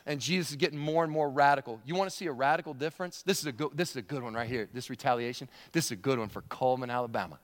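A man's voice: medium pitch, rapid-fire, hardly any pauses, long reverb tail. A male pastor preaching a sermon in a conversational way, often repeating words and chuckling.

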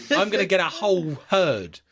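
A man's voice: sits high, a little slow, husky, no echo, clean studio sound. A male radio host in playful, jokey banter with his co-hosts. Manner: jokey and animated, breaks into silly bits.

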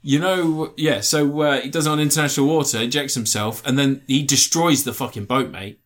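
A man's voice: medium pitch, steady tone, brisk. A man in casual chat, retelling a film plot with lots of swearing and acted-out lines.

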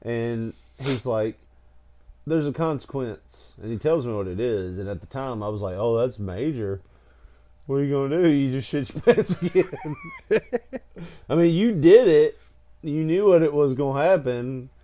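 A man tells a story in an easygoing chat, his voice mellow and warm-toned. His pitch leaps up and down as he acts out the moments. He keeps breaking into laughter mid-sentence. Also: normal speed. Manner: animated, laughs through his own story.

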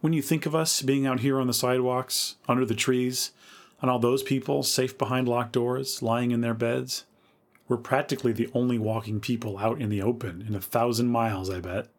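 A man's voice: mid-range voice, steady tone, normal speed, lightly acted. A man voicing a worried, hesitant young woman who feels guilty, in a spooky story reading.

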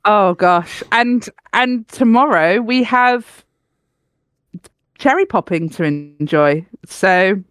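A bubbly, giggly woman co-hosting a podcast and chatting away at an easy pace. Her voice sits in a medium pitch and sounds dry and close to the mic. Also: expressive, slow, a bit bright, dry recording. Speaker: podcast co-host. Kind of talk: casual podcast chat.

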